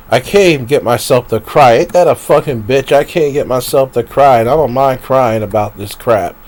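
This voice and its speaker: A man's voice: medium pitch, darkish tone. Profane rambling man venting on stream. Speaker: live streamer. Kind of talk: rambling live-stream rant.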